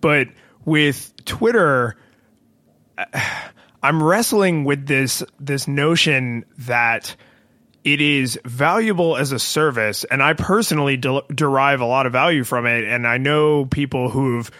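Bright-voiced man in dry casual chat. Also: mid-range voice, takes it slowly, no room sound. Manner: wry, animated, acts out quoted voices. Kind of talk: casual tech discussion.

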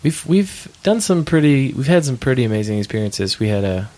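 A man telling tour stories in a casual interview, animated, with frequent restarts. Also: mid-range voice, fairly quick. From Midwest United States. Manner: animated storyteller, many restarts. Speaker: touring musician guest.

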